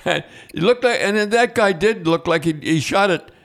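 A man's voice: high voice, normal speed, vocal fry, fairly bright tone. An older man, hosting a casual podcast chat and rambling through anecdotes with chuckles. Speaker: podcast host.

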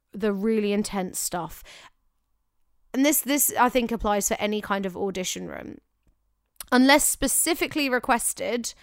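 A woman's voice: mid-range voice, clear, resonant tone, no room sound, clean studio sound. A young woman co-hosting a casual talk show, giving acting advice in an emphatic, chatty way that often corrects itself. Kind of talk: casual chat.

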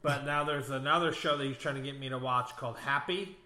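A man hosting a podcast, chatting casually about movies and TV, laid-back and quick to laugh as he asks his co-host questions. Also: mid-range voice, pushed and bright, echoey room.

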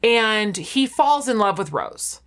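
A woman's voice: medium pitch, slow pace. A woman chatting casually as a podcast co-host, retelling scenes with acted-out quotes and frequent laughter. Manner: animated storytelling, acting out quotes, laughing often. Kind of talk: casual chat about a TV show.

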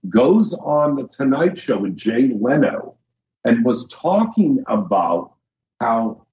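A man's voice: medium pitch, big pitch swings, darkish tone, roomy sound, muffled recording, a little hiss or hum. A man hosting a radio show who chats casually and crudely, jokes around and laughs often. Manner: crude, joking, quick to laugh. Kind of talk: casual bawdy radio chat.

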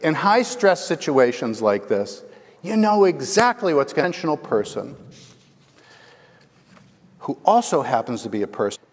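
A male pastor preaches a sermon like he's telling a story, conversational and animated, often asking the congregation "right?". His voice is on the high side at a normal speed with frequent pauses, and a large hall gives it long reverb.

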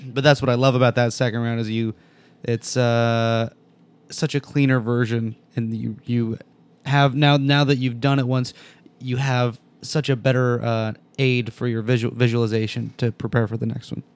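A man's voice: mid-range voice, little pitch movement, moderate pace, clean tone. A man hosting a casual podcast chat, joking and asking questions with hesitant restarts.

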